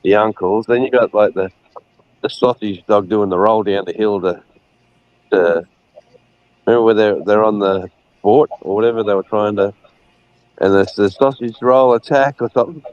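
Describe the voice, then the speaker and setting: A man's voice: lowish voice, steady tone, normal speed, long pauses, a little mellow, no echo, dull audio. A middle-aged man, chatting casually on a livestream and retelling scenes with laughs. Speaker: livestream co-host. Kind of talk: casual chat.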